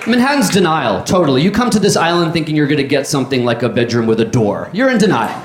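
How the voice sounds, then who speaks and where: Deadpan New comic in a roomy club. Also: male voice, a little high, fast talker, background noise. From New York. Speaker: stand-up comedian. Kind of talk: stand-up comedy set. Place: comedy club stage. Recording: echoey club with crowd. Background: audience laughter.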